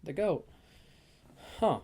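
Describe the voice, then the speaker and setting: A man's voice: extremely slow, a little mellow. A young man casually ranking the months of the year in a tier list, rambling and thinking aloud with lots of fillers. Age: young adult.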